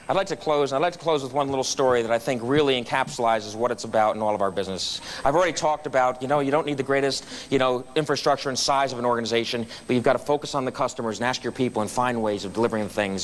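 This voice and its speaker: A man's voice: medium pitch, quick pace, few pauses, slight background noise. A middle-aged man giving a storytelling speech at a club meeting, acting out the people in his story. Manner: animated, acts out quoted voices. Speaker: guest speaker at a club meeting. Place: meeting room.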